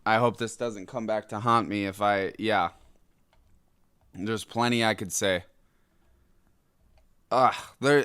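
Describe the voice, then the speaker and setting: A young man hosts a solo podcast in an angry, exasperated rant, his voice jumping into loud outbursts. He talks slowly with a smooth, clear tone, recorded dry and close on the mic. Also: medium pitch, no echo. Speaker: podcast host.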